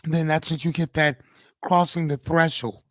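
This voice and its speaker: On a live-streamed motivational talk, a man speaks casually, swears freely, and keeps checking in with "right?" His voice is a little high and fairly bright, with little pitch movement and a moderate pace. The recording has no echo.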